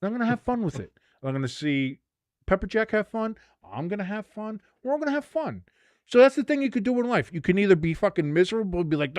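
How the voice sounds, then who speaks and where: A man's voice: high voice, very animated, quick pace, dry recording, studio quality. Crude, rambling man in his forties. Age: 40s. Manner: crude, rambling, laughs at own jokes. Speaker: watch-along host. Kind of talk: casual live sports watch-along chat.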